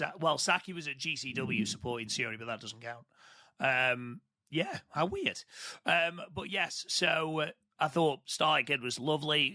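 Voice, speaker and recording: Bright-voiced man, chatty podcast co-host. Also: medium pitch, dry recording, studio quality. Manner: chatty and enthusiastic. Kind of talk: casual podcast chat.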